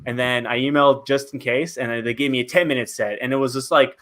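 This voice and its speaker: A man chatting as a guest comedian on a podcast, animated and profane, peppering his talk with "like.". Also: medium pitch, fast talker. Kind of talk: casual podcast chat.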